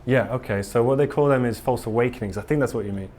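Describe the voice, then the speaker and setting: Speaking fast in a slightly mellow, medium-pitched voice, a man gives a casual talk to a live audience in a conference room. He's earnest and rambling, restarting often and using lots of ums.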